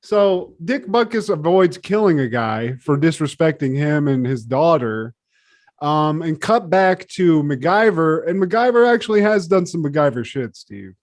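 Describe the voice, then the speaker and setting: High-voiced animated man. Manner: animated, swearing, acting out scenes in quick voices. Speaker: podcast co-host. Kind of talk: casual comedic chat.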